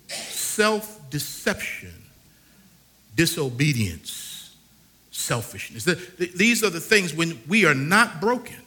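A middle-aged man preaching with a high, bright, cutting voice. His pitch leaps about as he rises to ringing calls and drops to near-whispered lists. He sounds like a pastor holding his congregation in the palm of his hand. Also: a little hiss or hum. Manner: preaching with dramatic swings between loud calls and hushed lists. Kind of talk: sermon.

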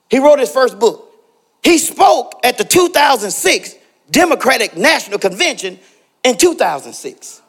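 A middle-aged man preaching with a strikingly high, lively voice that swings widely in pitch. He tells personal stories, calls out members of the congregation by name, and climbs into shouted exhortations. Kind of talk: sermon with personal storytelling.

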